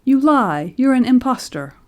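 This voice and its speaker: A woman voicing a frantic, horrified father, hoarse and shouting, in an audiobook reading. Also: fairly high pitch, big pitch swings, slow, voice pushed up, full character voice. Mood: raging. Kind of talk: audiobook character voice.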